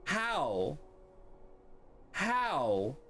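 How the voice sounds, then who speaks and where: A man's voice: fairly high pitch, huge pitch swings, very slow, vocal fry, pushed and bright, slight background noise. A man streaming a video game, commenting casually and swearing freely as he talks to the game and his viewers. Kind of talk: let's-play gaming commentary. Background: game music.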